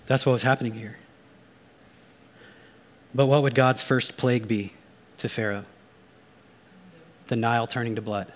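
A man preaching as pastor uses a mid-range voice, speaking a little slowly with frequent pauses, and the audio has a slight hiss or hum. He is emphatic and animated, drops casual slang into his teaching, and turns hushed and grave for dark passages.

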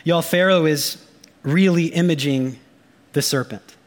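A man with a high, bright speaking voice delivers a sermon from the pulpit. He preaches emphatically and with a lot of life, slipping casual slang into the teaching, then turns hushed and grave for the darker passages. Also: a little slow. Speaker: pastor.

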